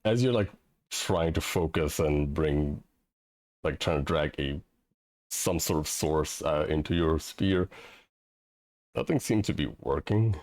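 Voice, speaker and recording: A man narrating as game master over an online voice call, with a halting, filler-heavy way of talking. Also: a bass voice, a little mellow, no room sound, studio quality. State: audio cutting out.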